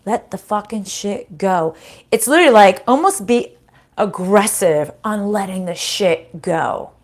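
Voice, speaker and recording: A woman's voice: mid-range voice, expressive, unhurried. Blunt, swearing woman reading tarot cards. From United States. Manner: blunt, swears freely, laughs often. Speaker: tarot reader. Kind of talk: casual spiritual card reading. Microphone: desk microphone.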